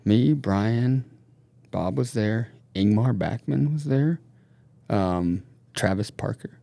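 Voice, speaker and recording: Low-voiced man telling loose, profane stories. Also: takes it slowly, creaky, warm tone, dry recording. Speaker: podcast guest, snowboard team manager. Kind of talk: casual storytelling.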